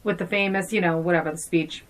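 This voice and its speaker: A woman's voice: lowish voice, steady tone, quick pace. A woman co-hosting a podcast, chatting casually, agreeing readily and asking her friend questions. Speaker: podcast co-host. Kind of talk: casual chat.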